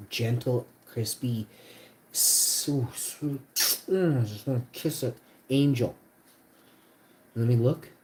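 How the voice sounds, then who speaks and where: A man hosting a casual live cooking stream, talking to his chat in a boastful, excitable way with plenty of swearing. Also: medium pitch, a little hiss or hum.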